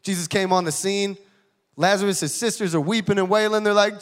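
A man giving a lively, joking church testimony as guest speaker. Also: high voice, a little fast, big-room sound. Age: 30s. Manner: energetic, jokey, casual preacher talk. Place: church auditorium.

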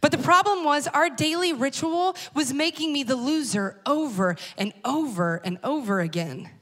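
High-voiced woman telling a story. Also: expressive, moderate pace, fairly bright tone. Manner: conversational and wry, addressing the audience directly. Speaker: speaker at a church talk series. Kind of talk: personal storytelling talk.

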